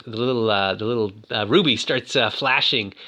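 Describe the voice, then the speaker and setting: A man's voice: medium pitch, normal speed, sharp tone. A man casually talking about toys, rambling with lots of fillers. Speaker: toy reviewer. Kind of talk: casual chat.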